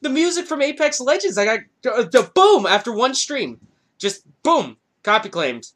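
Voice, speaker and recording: A man's voice: very high voice, big pitch swings, normal speed, a bit bright. A man co-hosting a gaming podcast, joking around casually and swearing freely. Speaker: podcast co-host and streamer. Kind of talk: casual chat.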